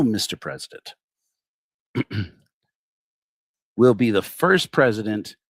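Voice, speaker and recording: A middle-aged man hosting a livestreamed satirical sermon, addressing his target with sarcastic, theatrical mock flattery. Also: fairly low pitch, no room sound, clean studio sound. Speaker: host of a secular online congregation.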